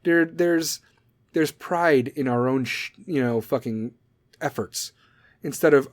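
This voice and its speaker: A man's voice: medium pitch, takes it slowly, no echo, studio quality. A man in his forties hosting a solo comedic podcast, swearing constantly as he rambles in a sarcastic rant. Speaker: podcast host.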